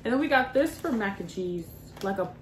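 A woman's voice: mid-range voice, animated, brisk. A woman casually chatting through a grocery haul, laughing easily and drawing out product names. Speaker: vlogger. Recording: echoey room with noise.

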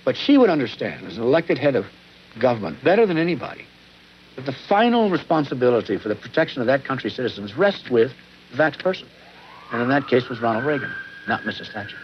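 Deliberate man in muffled archive interview. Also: medium pitch, sing-song, slight background noise. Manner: deliberate, hesitant with pauses. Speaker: former official interviewee. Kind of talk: documentary interview recollection. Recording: muffled archive documentary audio.

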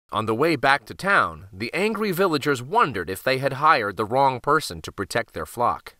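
A man reading a fable aloud for children, expressive and animated. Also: medium pitch, normal speed, hardly any pauses, no room sound, clean studio sound. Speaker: children's storyteller. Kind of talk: read-aloud for kids.

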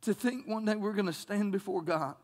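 High-voiced man preaching with passion. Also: fairly quick, darkish tone. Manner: impassioned preaching with frequent word repeats. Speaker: pastor. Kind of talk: sermon. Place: church.

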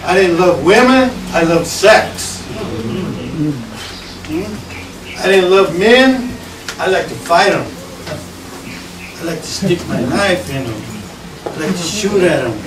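A man preaching a sermon as a pastor, giving an emotional testimony that swings from loud to hushed. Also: high voice, lively intonation, slow pace, long pauses. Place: church hall. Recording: echoey hall with background noise, from a distance.

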